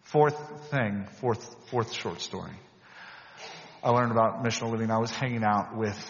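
A man's voice: lowish voice, normal speed. A man giving a sermon as a pastor, telling personal stories in a conversational, self-deprecating way and acting out the dialogue. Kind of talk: sermon storytelling. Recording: dull lo-fi audio with long hall reverb.

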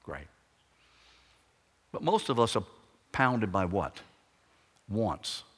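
A man preaching a sermon, swinging between loud, emphatic declarations and hushed, quiet lines. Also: fairly low pitch, sing-song, takes it slowly, husky. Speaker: pastor. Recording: long hall reverb.

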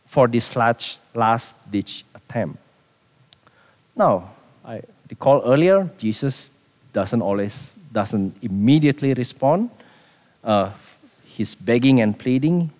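Animated male preacher in an echoey hall. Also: mid-range voice. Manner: animated preaching with repetitions, dropping to quiet for emphasis. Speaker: pastor. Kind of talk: sermon.

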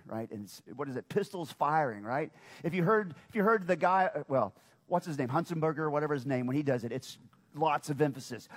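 A man's voice: high-pitched, in a large hall. A man preaching a sermon, who calls out questions to his congregation and draws them in. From United States. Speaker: pastor.

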